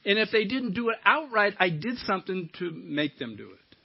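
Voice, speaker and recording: A man's voice: high-pitched, very animated, moderate pace, vocal fry, dry recording. A middle-aged man giving a candid personal share at a recovery meeting, swearing casually as he tells his story. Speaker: recovery speaker. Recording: dull lo-fi talk recording.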